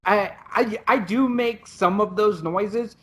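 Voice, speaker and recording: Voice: medium pitch, takes it slowly, a bit bright. A podcast co-host and Muay Thai coach, explaining things in a casual way with many restarts. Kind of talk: casual chat.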